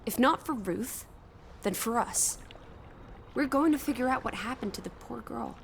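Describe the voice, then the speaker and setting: An actress playing a spirited, stubborn young woman who talks in a brisk, teasing, insistent way. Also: on the high side, expressive, gravelly, a little hiss or hum. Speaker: game character. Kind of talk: game voice acting. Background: game music.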